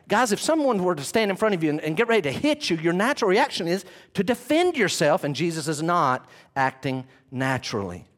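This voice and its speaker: A man preaching with animated storytelling, his voice sitting on the higher side. He talks directly to his congregation and builds the scene with vivid detail. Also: quick pace. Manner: animated storytelling, addresses listeners as "guys". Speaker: pastor. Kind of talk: sermon.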